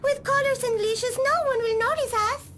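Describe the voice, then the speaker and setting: A performer voicing a small, cheerful talking dog in a dubbed cartoon, squeaky and childlike. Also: moderate pace, pushed and bright, a little hiss or hum. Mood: eager. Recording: clip with music underneath.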